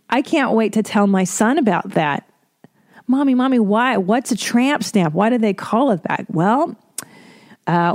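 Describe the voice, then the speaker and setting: A woman's voice: medium pitch, a little mellow, no room sound, studio quality. A woman in her forties hosting a casual solo podcast, rambling through stories with lots of swearing and self-deprecating jokes. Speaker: podcast host.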